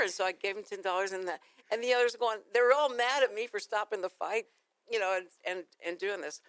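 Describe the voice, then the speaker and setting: A woman's voice: medium pitch, quick pace, fairly bright tone, no room sound. A woman with a Texan accent hosting a casual morning radio talk show, rambling through stories and laughing easily. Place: radio studio. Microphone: studio microphone.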